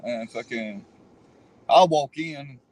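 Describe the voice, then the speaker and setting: A man's voice: medium pitch, takes it slowly, darkish tone, rough recording. A man riding along in a car, telling a road story casually with plenty of cursing. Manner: profane, laughing storyteller. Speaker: passenger, former truck driver.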